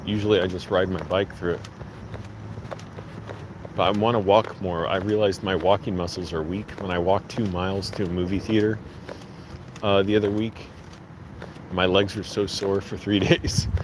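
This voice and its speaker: A man's voice: sits low, steady tone, normal speed, pauses often. A man talking casually to his phone camera as he walks through neighborhood streets, rambling from one thought to the next. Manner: rambling, talks to the camera while walking. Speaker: vlogger. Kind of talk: casual walking vlog. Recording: outdoor street recording with clear background noise. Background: passing traffic and outdoor street noise.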